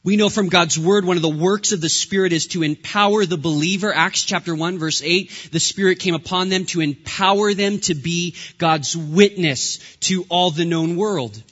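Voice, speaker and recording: A man in his thirties, a pastor, preaching a sermon with lively, humorous storytelling. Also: high-pitched, moderate pace, hardly any pauses, dull audio.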